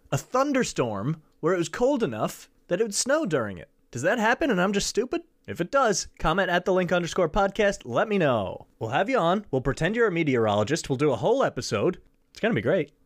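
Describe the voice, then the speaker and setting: This is a man hosting his own podcast, chatting on his own in a rambling, jokey way. His voice sits somewhat high and moves around a great deal. The sound is dry and close, with no room around it. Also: no room sound. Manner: rambling, jokey, goes off on tangents. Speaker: podcast host. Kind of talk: solo podcast monologue.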